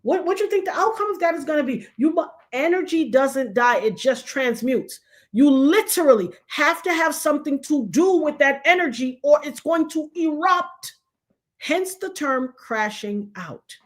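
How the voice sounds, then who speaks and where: A middle-aged woman hosts a livestream chat. She tells stories with animation and slips into the voices of the people she quotes. Her voice sits a little high. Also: expressive, normal speed. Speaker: show host.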